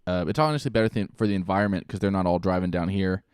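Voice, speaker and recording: A man co-hosting a podcast, rambling in deadpan ironic banter and laughing often. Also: low voice, rapid-fire, clear, resonant tone, dry recording, clean studio sound. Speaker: podcast co-host.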